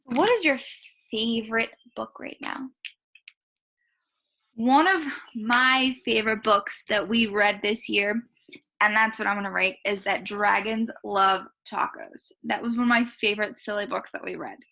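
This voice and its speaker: A woman teaching a remote writing lesson to kindergarteners, speaking slowly in a sing-song, encouraging teacher voice to young children. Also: mid-range voice, vocal fry, sharp tone. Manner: slow, sing-song teacher talk addressed to small children.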